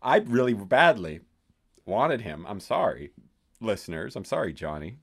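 A man with a low voice that swings up and down as he gets worked up about a TV episode. He laughs often, swears casually, and jumps quickly from point to point. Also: very animated, gravelly, breathy edge. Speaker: podcast co-host. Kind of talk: casual podcast chat.

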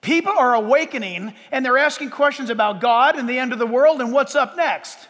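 A man preaching a sermon as pastor, with dramatic pauses and sudden loud bursts. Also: very high-pitched, long reverb tail.

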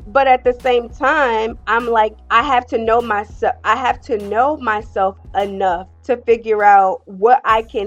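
A woman's voice: mid-range voice, dull audio. A woman hosting her own podcast, confiding in her listeners in a candid, personal monologue. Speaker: podcast host.

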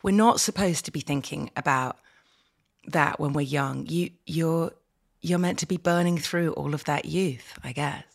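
A middle-aged woman chatting as a podcast guest, animated and quick to laugh. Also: deep voice, creaky. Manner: animated, laughs often, breaks into playful impressions. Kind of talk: casual podcast chat.

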